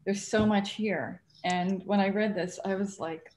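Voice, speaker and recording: A woman who cartoons and writes, speaking gushingly and tearfully with many pauses in a book talk. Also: mid-range voice, steady tone, darkish tone, a little hiss or hum. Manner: gushing, tearful, hesitant with fillers. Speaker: cartoonist and author.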